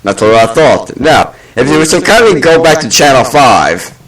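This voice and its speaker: A man in an improvised comedy sketch, playing it straight with deadpan teasing. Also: mid-range voice, moderate pace, far from the mic, low-quality recording. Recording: amateur recording with loud hiss.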